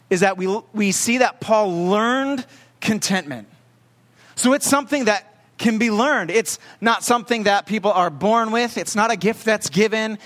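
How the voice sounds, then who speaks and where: A young adult man preaching a storytelling sermon as pastor, talking in a conversational, halting way with plenty of fillers. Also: high voice, a bit bright. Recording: long hall reverb.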